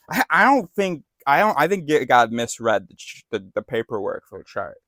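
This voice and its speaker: A man's voice: medium pitch, very animated, moderate pace, a bit bright, no room sound, clean studio sound. A man giving casual, irreverent commentary on a scripture reading, joking and correcting himself as he goes. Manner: irreverent, joking, self-correcting, laughs often. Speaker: bible study host.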